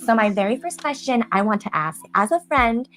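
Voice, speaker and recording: Actress as an over-eager interviewer, gushing praise, faint music behind. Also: female voice, a little high, animated, a little fast, a bit bright. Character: gushing fawning talk-show interviewer, woman. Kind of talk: comedy skit acting.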